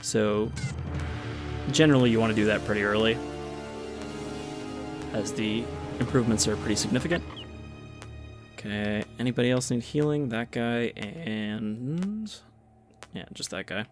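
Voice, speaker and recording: A low-voiced man talks through a strategy game in a relaxed, offhand manner and explains each step as he plays. Game music runs clearly under his voice. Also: a little slow, pauses often. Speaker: gaming video host. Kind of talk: casual gameplay commentary. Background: game music and unit sounds.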